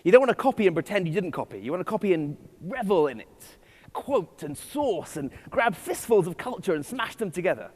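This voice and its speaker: A man's voice: high voice, very animated, brisk, a little mellow. Witty man giving a keynote. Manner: witty, digressive, self-deprecating. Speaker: conference speaker. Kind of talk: keynote talk. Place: conference hall. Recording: hall reverb from stage.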